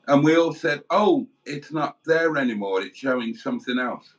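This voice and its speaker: A mid-pitched British man hosting a casual livestream, tired and ready to call it a night. He trades dry, wry remarks with his co-host. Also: expressive, moderate pace. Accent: British English.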